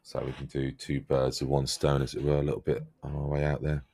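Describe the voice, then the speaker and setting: A man with a very deep voice and a gravelly edge chats in character during a roleplay. He explains things in a patient, measured way, and the sound is close and dry. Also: monotone, darkish tone, no room sound. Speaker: roleplay player.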